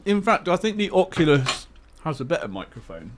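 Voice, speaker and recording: A man's voice: fairly high pitch, big pitch swings, fairly quick, background noise. A man hosting a livestream, chatting casually and bluntly, laughing easily and swearing now and then. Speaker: livestream host. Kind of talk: casual chat. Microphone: headset.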